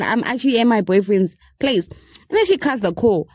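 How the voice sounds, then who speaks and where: A woman's voice: fairly quick, no echo. A young woman in her twenties from Zimbabwe, hosting a podcast and telling a story casually, acting out the people she quotes with big leaps in her voice. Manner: animated, acts out quoted voices with big pitch jumps. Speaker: podcast host.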